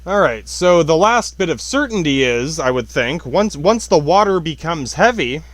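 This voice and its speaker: Podcast host, man in his thirties, high voice, dry close sound, rambling and profane, keeps cutting himself off. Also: sing-song, normal speed, no room sound. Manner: rambling, profane, self-interrupting, laughs often. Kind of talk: rambling profane monologue on science.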